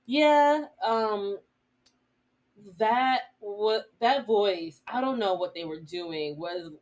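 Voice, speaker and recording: A woman co-hosting a casual TV recap podcast. She talks in an animated, giggly way, and her pitch leaps up suddenly. Her voice sits in a middle register. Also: very slow. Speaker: podcast co-host.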